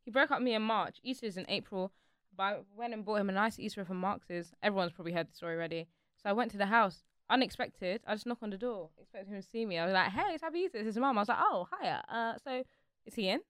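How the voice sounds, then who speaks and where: A young woman, telling stories in an animated, casual chat among friends and swearing freely. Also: medium pitch, very fast, clear, resonant tone, dry recording, studio quality. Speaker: podcast co-host.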